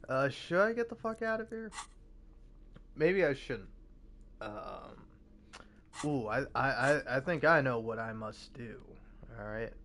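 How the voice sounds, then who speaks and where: Brief: a gravelly man in his forties, self-mocking and profane, casually narrating his gameplay in a mid-pitched voice. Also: animated, takes it slowly, pauses often, fairly bright tone, slight background noise. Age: 40s. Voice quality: gravelly, smoker's voice. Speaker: game streamer.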